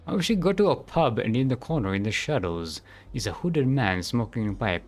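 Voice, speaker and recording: A man's voice: mid-range voice, animated, moderate pace. A man streaming a game, thinking aloud in casual commentary and humming to himself.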